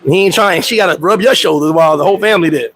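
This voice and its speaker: A man's voice: racing, fairly bright tone. A man hosting a casual live chat, telling loose, profane stories full of slang and talking to friends by name. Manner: acts out quoted voices, swings pitch up high; talks to viewers and friends by name. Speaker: host.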